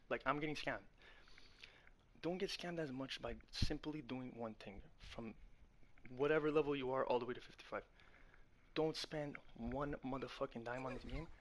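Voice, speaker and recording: A man hosting a gaming channel, ranting in a heated, profane way, calling the viewer bro and often correcting himself mid-sentence. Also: medium pitch. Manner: rambling with frequent self-corrections.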